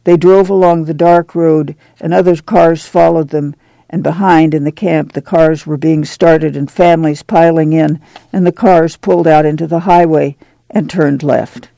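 A man narrating an audiobook at a steady, measured pace. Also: a little high, creaky, dry recording, poor audio.

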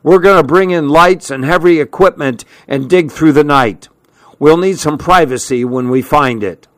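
A man voicing a bossy male captain who shouts orders at a crowd on a beach. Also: a little high, normal speed, no room sound, voice pushed up, lightly acted. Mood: commanding. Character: loud bossy male treasure-dig captain.

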